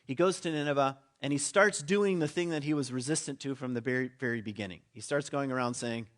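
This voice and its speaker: A man's voice: medium pitch, quick pace, few pauses, fairly bright tone. A man preaching a sermon in a conversational way, acting out the voices of the people in his story and dropping his voice for asides. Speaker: pastor.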